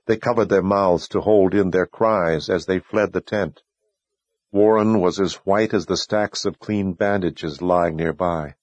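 A man narrating an audiobook in a steady, measured storytelling voice. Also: deep voice, dry recording. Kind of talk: scripted narration.

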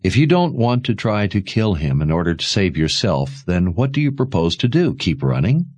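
A man's voice: deep voice, very animated, moderate pace, darkish tone, no room sound. A man doing a blunt, ruthless young warrior. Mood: persuasive. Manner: blunt and persuasive.

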